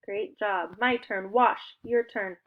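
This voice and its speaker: Over narrow, tinny audio, a young woman teaches second graders an online spelling lesson at a slow pace in a medium-pitched voice. She's upbeat and encouraging, laying out clear step-by-step instructions.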